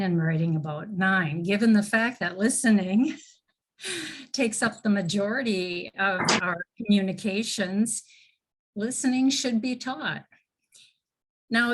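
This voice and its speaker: A woman teacher trainer giving a live online lecture on teaching listening, explaining slowly with fillers and self-corrections over a video call. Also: mid-range voice.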